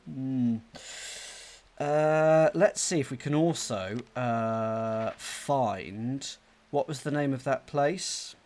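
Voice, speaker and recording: A man's voice: mid-range voice, very slow, a little mellow. A man hosting a let's play, thinking aloud, muttering to himself and reading out game text. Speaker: gaming channel host.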